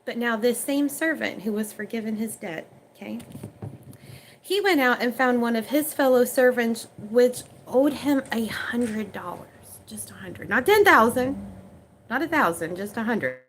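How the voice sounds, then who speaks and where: A woman's voice: on the high side, lively intonation, measured pace, slight background noise, low-quality recording. A woman under forty with an Oklahoma accent reads the King James scripture aloud, then retells it in everyday slang and chats with her viewers. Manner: answers viewer questions chattily. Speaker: online Bible reader. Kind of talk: scripture reading with casual commentary.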